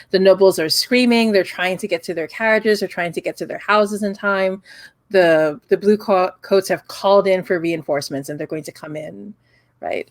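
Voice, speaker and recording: A woman's voice: on the low side, dry recording. A woman narrating as game master of a tabletop game, repeating words as she sets the scene. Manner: brisk, repeats words while framing the scene.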